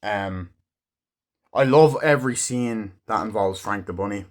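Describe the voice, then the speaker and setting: A man's voice: fairly low pitch, a little slow. A man casually reviewing a film, rambling through scenes with heavy swearing and lots of "like" and "um". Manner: rambling and heavily profane; loosely retells scenes with frequent "like" and "um".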